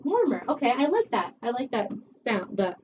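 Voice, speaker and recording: A woman voice teacher giving a one-on-one singing lesson, chatty and encouraging, her voice a little rough from a recent cold. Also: fairly high pitch, sing-song, normal speed. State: recovering from a cold. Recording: distant, dull camera audio with faint hiss.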